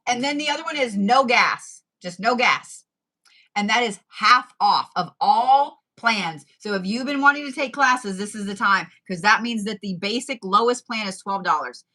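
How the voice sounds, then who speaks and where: A woman's voice: mid-range voice, sharp tone. A woman giving a casual tarot reading, chatty and profane, with laughing asides. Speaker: tarot reader.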